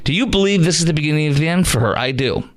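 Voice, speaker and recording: A man's voice: on the high side, expressive. Rambling, opinionated male radio host. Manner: rambling, rapid, with many fillers. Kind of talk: opinionated talk radio monologue.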